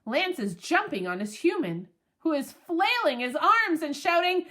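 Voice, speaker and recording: A woman narrating a children's storybook in an expressive, playful way. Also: extremely high pitch, measured pace. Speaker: audiobook narrator.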